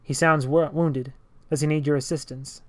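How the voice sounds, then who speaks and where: A man voicing a thin, eerie male stranger who speaks in a calm, stilted, robotic way. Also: fairly high pitch, dry recording, natural voice. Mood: measured. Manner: speaks robotically, flat, measured, hushed.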